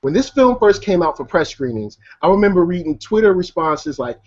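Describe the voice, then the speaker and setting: Laid-back slangy film reviewer. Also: male voice, sits high, sing-song, brisk, few pauses, slightly rough. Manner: laid-back slangy talk, laughs easily. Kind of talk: casual debate. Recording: muffled lo-fi video call audio.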